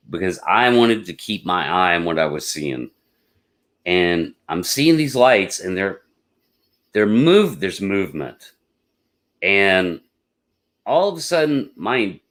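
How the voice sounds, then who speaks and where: A man with a fairly low voice tells a story to his live stream audience. He rambles in a casual way, gets excitable and repeats words as he goes. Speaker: podcast host.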